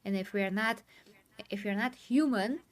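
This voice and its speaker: A woman hosts a commentary panel, speaking earnestly and with clear emotion as she explains her view at length. Her voice sits in a middle pitch. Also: moderate pace. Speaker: host.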